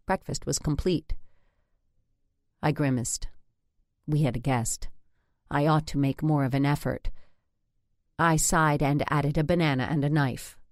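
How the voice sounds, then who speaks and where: Low-voiced woman narrating an audiobook. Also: no room sound, clean studio sound. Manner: wry, measured first-person storytelling. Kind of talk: scripted narration.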